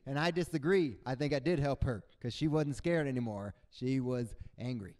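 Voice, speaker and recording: A man doing a stand-up comedy set on stage, animated and acting out other people's voices. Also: medium pitch, a little fast, hardly any pauses. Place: on stage before a live audience.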